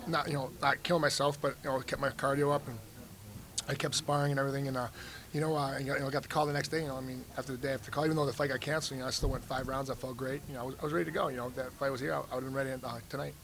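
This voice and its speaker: A man from Cleveland, a fighter answering press questions in casual talk, quick and full of "you know" and restarts. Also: mid-range voice, little pitch movement, fairly bright tone, poor audio. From United States, Cleveland. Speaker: fighter being interviewed. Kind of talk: casual media scrum answers. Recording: crowd chatter behind.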